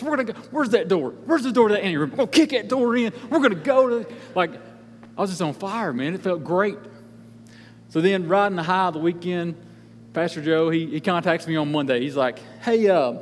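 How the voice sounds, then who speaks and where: A young man giving a casual, energetic sermon in a church, joking and talking conversationally to the congregation. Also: sits high, big-room sound. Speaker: guest speaker at church. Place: church sanctuary.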